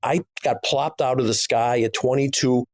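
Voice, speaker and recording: A man's voice: medium pitch, steady tone, moderate pace, dry recording, studio quality. A middle-aged man co-hosting a podcast, speaking bluntly and emphatically in a casual conversation. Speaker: podcast co-host, business owner.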